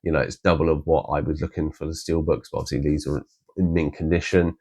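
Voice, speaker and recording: A man's voice: a bass voice, fairly even intonation, fast, darkish tone, breathy edge. A man rambling casually with many restarts, showing off his collection in a vlog. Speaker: collector vlogger.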